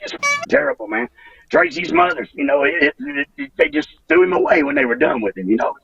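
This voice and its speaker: A man in his fifties, a retired wrestler giving an interview, talking in a halting, emotional way, repeating himself and swearing freely. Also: high voice, huge pitch swings, creaky, fairly bright tone, recorded from a distance, lo-fi sound. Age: 50s. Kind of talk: emotional interview over a call.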